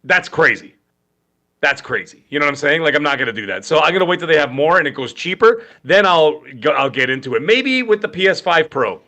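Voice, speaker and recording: A man from Canada co-hosting a gaming podcast, joking and telling animated stories in casual chat. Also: fairly high pitch, brisk. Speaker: podcast co-host.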